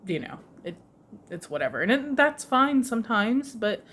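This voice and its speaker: A woman's voice: fairly high pitch, normal speed, husky. Chatty woman vlogger, laughing storyteller. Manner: animated, laughs often, mimics others' voices. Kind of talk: casual storytelling. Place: lives in Japan, runs a shop with her husband.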